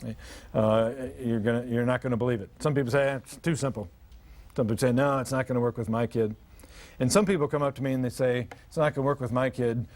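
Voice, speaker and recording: An older man presents a parenting seminar to a live audience at an ordinary pitch. He speaks with dry humor and tells lively stories, acting out what frazzled parents and misbehaving kids say. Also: fast talker.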